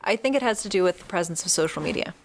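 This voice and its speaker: A woman's voice: lowish voice, lively intonation, very fast, slight background noise. A woman dog trainer talking frankly on a podcast, swearing freely as she explains her views. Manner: frank, swears freely, acts out owners' voices. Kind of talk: casual podcast chat.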